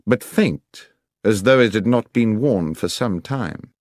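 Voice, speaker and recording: A man voicing a brisk, incisive male detective in an audiobook, with crisp, precise diction. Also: lowish voice, animated, darkish tone, dry recording, clean studio sound, voice pushed up. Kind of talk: audiobook character reading.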